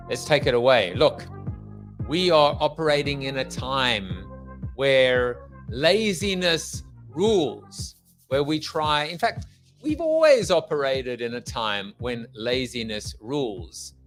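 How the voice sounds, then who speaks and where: A man's voice: mid-range voice, a bit bright. A middle-aged man hosting a podcast, opening the show with a playful, rambling monologue full of jokes and wordplay. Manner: jokey, theatrical, riffing with wordplay. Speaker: podcast host.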